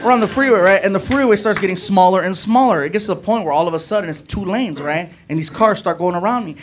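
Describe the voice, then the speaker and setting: A man doing stand-up, telling an animated road-trip story and acting out friends' voices. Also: quick pace, noisy background. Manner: animated, acts out voices of friends with high shouts. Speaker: stand-up comedian. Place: comedy club stage with audience.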